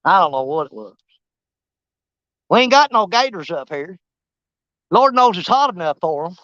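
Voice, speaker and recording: A man's voice: sits high, big pitch swings, moderate pace, fairly bright tone, dry recording, lo-fi sound. A man hosting a fishing livestream outdoors. He rambles casually to his viewers and teases the fish. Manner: rambling, teasing, talks to the fish. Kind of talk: casual live-stream chat. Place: outdoors on a riverbank.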